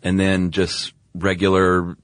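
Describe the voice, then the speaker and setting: A man's voice: sits low, completely flat delivery, takes it slowly, dry recording, clean studio sound. A man co-hosting a casual podcast chat, enthusiastic and explaining things step by step. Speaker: podcast co-host.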